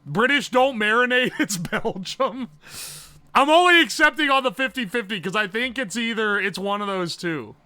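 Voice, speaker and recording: A man's voice: very high-pitched, a little fast, hardly any pauses, pushed and bright, clear, resonant tone, no echo. A young man streaming live, swearing, joking and thinking aloud as he guesses. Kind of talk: casual livestream commentary.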